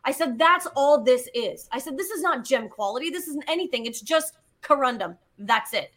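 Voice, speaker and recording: Bright high-voiced woman telling a story. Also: brisk. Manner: animated, swearing, acts out quotes. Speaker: guest geologist. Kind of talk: casual storytelling.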